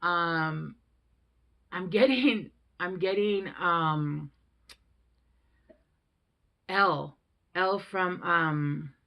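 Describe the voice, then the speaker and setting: Young woman, tarot reader, slightly low voice, loose and chatty, curses freely. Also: extremely slow, vocal fry, pauses often, a bit bright. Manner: rambling and chatty, swears freely. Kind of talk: casual tarot reading.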